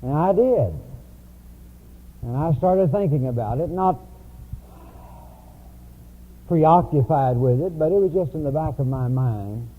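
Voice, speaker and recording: A man's voice: a little high, lively intonation, a little slow, long pauses. Man preaching, tinny phone-like sound. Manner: storytelling, conversational. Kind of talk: sermon. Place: church.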